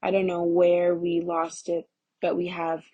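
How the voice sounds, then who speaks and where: A woman's voice: lowish voice, little pitch movement, measured pace, mellow, dry recording, highs cut off. A woman reading the part of a tired young wife, pleading and resigned. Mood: weary.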